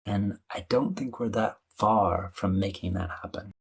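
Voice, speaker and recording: A man being interviewed as a communication coach, speaking in an animated, conversational way. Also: on the low side, unhurried, husky. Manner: animated, playfully acts out quoted voices.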